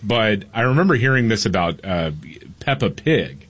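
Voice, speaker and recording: Low husky man in casual chat. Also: very animated, normal speed, fairly bright tone. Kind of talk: casual talk show chat.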